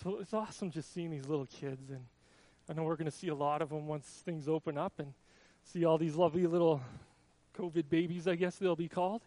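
High-voiced casual pastor, dry sound. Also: male voice, steady tone, a little fast, mellow, no room sound. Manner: casual and chatty, with many restarts. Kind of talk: church service announcements and baby dedication.

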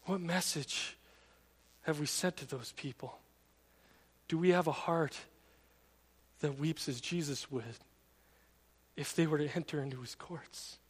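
A man with a high voice delivers a sermon as a pastor, telling stories in an earnest, conversational way. He speaks inside a church sanctuary. His voice trails off into the long reverb of a big hall. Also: husky. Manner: conversational, earnest storytelling preacher.

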